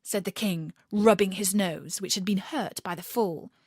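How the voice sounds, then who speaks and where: A woman reading a children's storybook aloud in an expressive, animated way. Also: mid-range voice, unhurried, breathy edge, no echo, studio quality.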